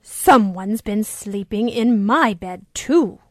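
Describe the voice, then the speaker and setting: A calm mother bear, as a woman reads her in a storybook. Her voice sits mid-pitched and slow, close to the mic and dry. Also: no room sound. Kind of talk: storybook reading.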